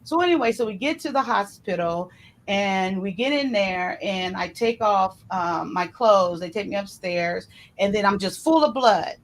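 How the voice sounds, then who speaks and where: A woman casually telling a personal story in an animated way, acting out what others said to her. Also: a little slow, slight background noise. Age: adult. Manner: animated, re-enacts others' words with shifting pitch.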